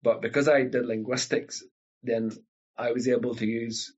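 A man from Northern Ireland with an Ulster Scots accent, a guest telling lively stories about language, often repeating his words. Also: mid-range voice, moderate pace, slightly rough, dull audio. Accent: Northern Irish, Ulster Scots. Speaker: guest, linguist. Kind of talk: storytelling conversation.

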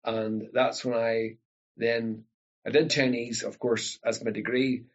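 A husky-voiced man with a broad Ulster Scots accent, talking in a chatty storytelling way. He stumbles and repeats words as his stories run on, and the recording sounds a little dull and muffled. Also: medium pitch, little pitch movement, takes it slowly. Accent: Northern Irish, Ulster Scots. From Northern Ireland. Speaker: guest, linguist. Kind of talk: storytelling conversation.

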